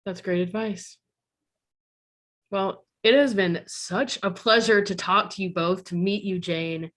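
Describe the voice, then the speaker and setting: A woman's voice: medium pitch, measured pace. A woman from Tennessee, hosting a podcast and praising her guests effusively. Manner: warm, effusive, laughs often. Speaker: podcast host. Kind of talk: casual podcast interview.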